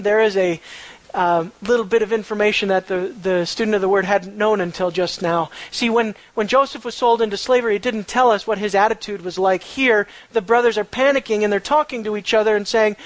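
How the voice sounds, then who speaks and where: A man preaching a verse-by-verse Bible teaching, animated and conversational, full of rhetorical questions. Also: high-pitched, moderate pace, no room sound, low-quality recording.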